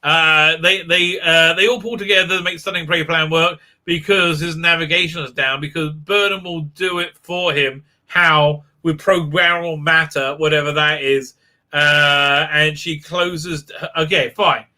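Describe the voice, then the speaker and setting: A man's voice: a little high, steady tone, measured pace, bright, forceful tone. A male host giving a rambling, mocking recap with many ums and uhs. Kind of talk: sarcastic live show recap.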